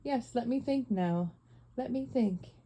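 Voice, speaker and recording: A muddled old cab horse speaks very slowly and thoughtfully, groping for memories, as a woman reads him. The tone is warm and soft. It is read as part of a classic-story audiobook. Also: a little high, pitched above the performer's own voice. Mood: puzzled. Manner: very slow, thoughtful and hesitant.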